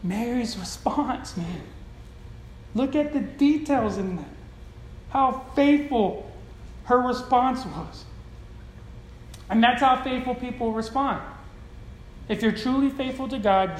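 A preacher giving a sermon to a congregation in a church hall, talking in a conversational style with casual slang and swinging between loud and soft. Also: medium pitch, measured pace, slight background noise. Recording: roomy hall echo.

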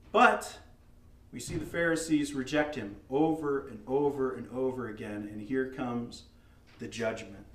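A man preaching a sermon with emphatic delivery, sometimes acting out shouted rebukes. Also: a little high. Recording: echoey room, voice from far off.

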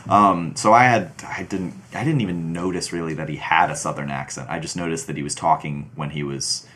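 A man's voice: extremely low pitch, a little fast. A man co-hosting a podcast, chatting casually about movies and jumping between thoughts. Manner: animated, jumps between thoughts. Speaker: podcast co-host.

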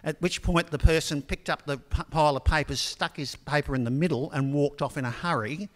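Older male preacher, slightly high voice, chatty storytelling sermon, long hall reverb. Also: a little fast. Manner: conversational storytelling with frequent ums.

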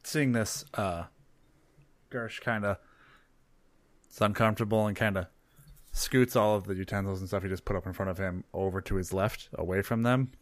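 A man's voice: on the low side, steady tone, normal speed, long pauses, no room sound. A man playing a tabletop game, describing his character's actions hesitantly with many fillers. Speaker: player.

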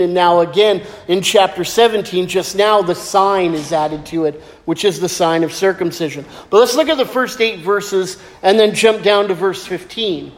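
High-voiced pastor preaching with jokes. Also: male voice. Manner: lively, joking storytelling. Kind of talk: sermon. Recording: echoey hall with long reverb.

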